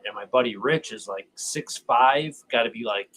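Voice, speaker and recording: A man, a guest on a talk stream, telling a long rambling anecdote in a casual, animated way. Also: mid-range voice, moderate pace, slight background noise, low-quality recording. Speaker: guest fan. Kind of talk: casual storytelling.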